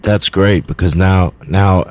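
A man's voice: deep voice, steady tone, slow, a little mellow. Easygoing man asking questions. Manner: easygoing, asks short questions. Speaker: interviewer. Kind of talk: casual chat.

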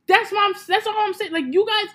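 A woman's voice: extremely high pitch, quick pace. A woman, a podcast guest talking bluntly and with plenty of profanity in casual chat.

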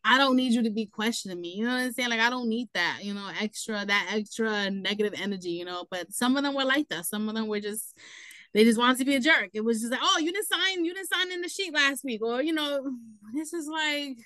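A young woman, a guest telling her own story in casual talk, animated and quick to laugh, leaning on "you know" between thoughts. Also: fairly high pitch, dry recording, low-quality recording. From New York City.

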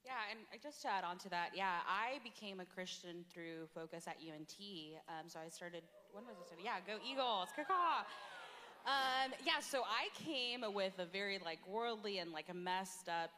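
A woman's voice: mid-range voice, normal speed, few pauses, pushed and bright. Chatty young woman in a hall. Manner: chatty, laughs often, many fillers. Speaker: campus ministry speaker. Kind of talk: casual retreat talk.

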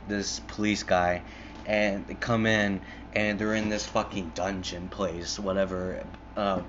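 A man's voice: fairly low pitch, a bit bright, muffled recording, slight background noise. A young man casually retelling a film, rambling with constant swearing, fillers and restarts.

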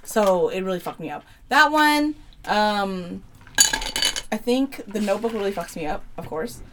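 A young woman co-hosting a casual podcast, telling stories in an animated way and swearing a lot. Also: medium pitch, a little slow, noisy background. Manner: animated storytelling, heavy swearing. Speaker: podcast co-host. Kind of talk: casual chat.

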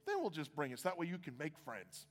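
A pastor preaching a sermon in a church, animated and self-mocking, swinging from quiet asides to loud bursts. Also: male voice, fairly high pitch, fast. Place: church hall. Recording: live hall with long reverb.

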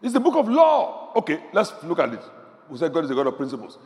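Male preacher, high animated voice, fervent, soft-to-shouting delivery, reverberant hall. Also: fast talker. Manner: fervent, swings from murmurs to shouts. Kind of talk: sermon.

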